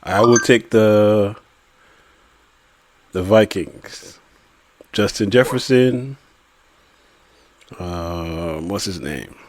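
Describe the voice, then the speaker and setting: Low male host, dry close sound, reads matchups and odds, casual. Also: extremely slow, long pauses, dry recording. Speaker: podcast host running weekly picks. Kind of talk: casual chat.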